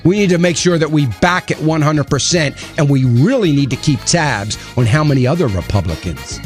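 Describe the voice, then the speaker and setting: A man's voice: on the high side, expressive, normal speed, faint music behind. A man hosting a radio talk show, giving emphatic, opinionated commentary and asking rhetorical questions into a studio microphone.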